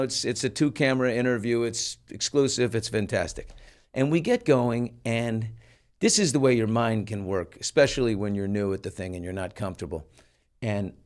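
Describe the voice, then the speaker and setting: An older man hosting a talk show, telling a story in an animated, self-mocking way and acting out quotes. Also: medium pitch. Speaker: host.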